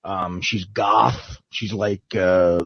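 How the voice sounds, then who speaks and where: A man's voice: sits low, fairly even intonation, extremely slow, creaky, no room sound. A man on a radio show delivering a profane, mocking comedic rant full of rambling lists, on a dull lo-fi radio recording.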